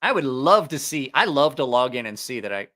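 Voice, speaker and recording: Very animated and fairly quick, this mid-range male voice comes across bright and forceful. The speaker, a knife reviewer hosting his channel's casual livestream, has a slight Southeast Ohio accent and uses a studio mic with headphones on. He rambles chattily and corrects himself often.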